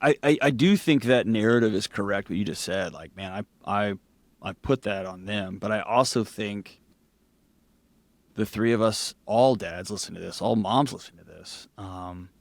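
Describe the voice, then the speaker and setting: A middle-aged man with a Southern US accent, a podcast guest telling stories with animated bursts and laughter. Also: lowish voice, no room sound. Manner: animated storyteller, quick bursts, laughs through anecdotes. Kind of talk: candid conversational interview.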